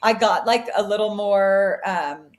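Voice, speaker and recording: In a reflective interview, a US elite distance runner in her forties answers earnestly and cheerfully, frequently starting her sentences over. She speaks unhurriedly in a medium pitch with a steady tone.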